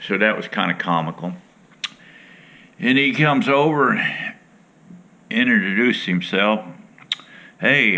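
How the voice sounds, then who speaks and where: A middle-aged man with a low, gravelly voice that still cuts through bright and forward. He spins a rambling, folksy yarn straight to his viewers, chatty and unhurried. He sounds like a host talking to regulars. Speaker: outdoors show host. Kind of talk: casual storytelling to viewers.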